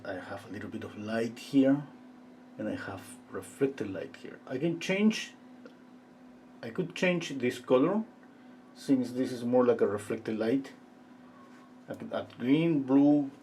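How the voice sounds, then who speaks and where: With slight background noise behind his lowish voice, a male painting teacher demonstrates live, calmly musing aloud. He talks to himself while he works and leaves many pauses.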